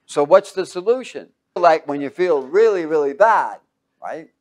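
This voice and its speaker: A man giving a motivational talk to a live audience. He talks emphatically, swings from loud to hushed, and keeps quizzing listeners with fill-in questions. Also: a little high, animated, unhurried. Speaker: speaker teaching a live audience.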